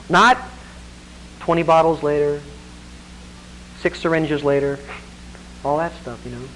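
Before a church congregation, a pastor preaches emphatically with wide swings in pitch and loudness, sprinkling in conversational asides and chuckles before leading a prayer. Yet his intonation is fairly even and he speaks a little slowly with long pauses, on a low-quality recording.

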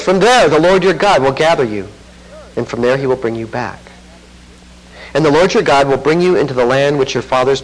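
A man preaching an expository sermon, reading scripture aloud and commenting with earnest, swelling emphasis. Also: rough recording. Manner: earnest, rising to fervent emphasis then dropping low.

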